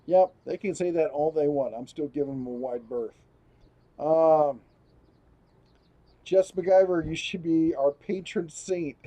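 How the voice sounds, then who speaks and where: A man's voice: fairly high pitch, unhurried, warm tone. A man hosting a casual live stream, rambling as he reads viewer comments aloud and chats. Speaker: host.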